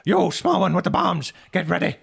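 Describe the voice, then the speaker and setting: Guy doing a squeaky jumpy barkeep, sweats and yelps, voice leaps way up high, tabletop game. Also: huge pitch swings, brisk, gravelly, breathy edge, heavily acted. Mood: panicked. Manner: panicky, high-strung and loud. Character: jittery, sweaty male tavern keeper.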